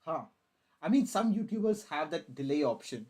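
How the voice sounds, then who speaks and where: A man's voice: on the high side, big pitch swings, normal speed, darkish tone, husky. A young man, chatting on a casual live stream while building a model kit, hyper, giggly, swearing and rambling. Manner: hyper, giggly and profane, rambling self-mockery.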